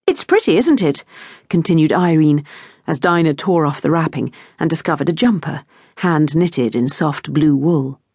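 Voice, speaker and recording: A woman narrating an audiobook novel in a measured, expressive storytelling manner, on a close studio mic in a recording booth. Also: deep voice, slightly rough, no echo. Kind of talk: scripted narration.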